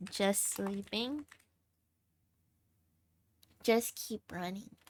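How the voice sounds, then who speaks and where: A woman's voice: mid-range voice, very slow, a little mellow, a little hiss or hum. A tired young woman livestreamer chatting casually with her viewers and laughing often. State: tired, sleep deprived.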